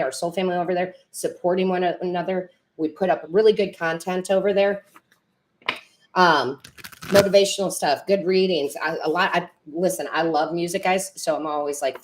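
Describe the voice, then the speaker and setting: A woman's voice: lowish voice, slight background noise. A woman tarot reader and medium chatting with viewers on a live stream, rambling and correcting herself, teary and emotional.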